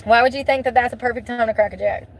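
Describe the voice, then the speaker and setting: In poor audio, a woman with a gravelly, higher-pitched voice speaks fast in a steady tone. Her monologue is an emotional vent to viewers, blunt and full of swearing, with phrases repeated over and over to drive points home.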